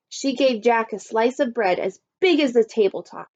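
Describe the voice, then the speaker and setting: A woman teacher reading a story aloud to children, expressive and adding little asides. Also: a little high, normal speed, few pauses, highs cut off. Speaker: primary school teacher.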